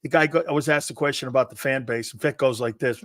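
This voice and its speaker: An older man, a former college football player, co-hosting a sports talk show and telling stories with loud acted-out quotes and plenty of swearing. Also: medium pitch, fast talker, no echo, studio quality. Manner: excitable, profane, acts out quotes loudly. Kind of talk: animated sports talk and storytelling.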